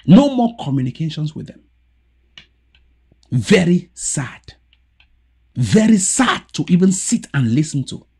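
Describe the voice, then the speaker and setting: Man with a Cameroonian Pidgin accent ranting on politics, husky voice, swings wildly in pitch. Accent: Cameroonian Pidgin English. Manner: switches between loud shouting outbursts and low muttering. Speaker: political commentator. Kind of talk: impassioned political rant. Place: home TV studio setup.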